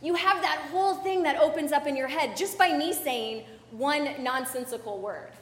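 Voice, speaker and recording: A woman's voice: sits high, moderate pace, fairly bright tone. A young adult woman pastor giving a conversational sermon, chatty, with fillers and asides to the congregation. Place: church sanctuary. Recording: echoey church hall.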